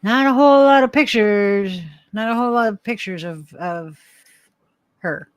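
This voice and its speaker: A woman's voice: medium pitch, normal speed, clean tone, dry recording. Rambling, laughing Alabama woman. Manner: rambling, laughs often, swears casually. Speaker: livestream co-host. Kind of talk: casual chat.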